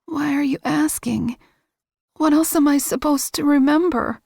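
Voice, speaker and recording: A woman's voice: sits high, fairly even intonation, measured pace, creaky, darkish tone, no echo, clean studio sound, pitched above the performer's own voice. A woman voicing a frightened young woman in an audiobook, anxious and pleading. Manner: pleading, anxious, slightly raised. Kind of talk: audiobook character voice.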